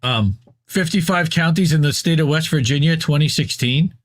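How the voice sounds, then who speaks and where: A man's voice: a little high, moderate pace. A man appearing as a guest commentator in a casual political chat, blunt and mocking, with frequent stammering restarts. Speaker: guest, independent news commentator.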